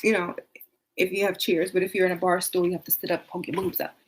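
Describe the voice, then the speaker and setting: A woman hosting a casual advice talk, blunt and playful, speaking colloquially and now and then slipping into a sweeter, higher voice to show how it's done. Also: flat delivery, fast talker, husky. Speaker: dating and self-worth advice host.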